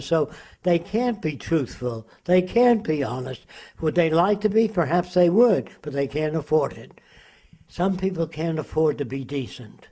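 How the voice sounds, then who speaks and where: Older man in his nineties, slightly high voice, preachy, emphatic, rhetorical questions, interview guest. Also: dark tone. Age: 90s. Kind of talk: lecturing interview answers.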